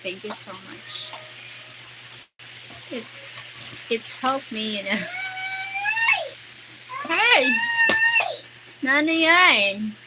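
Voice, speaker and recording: A woman's voice: on the high side, lively intonation, very slow, pauses often. A young woman with a Filipino accent chatting casually on a live stream, greeting and thanking viewers by name and mixing Tagalog with English. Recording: noisy background.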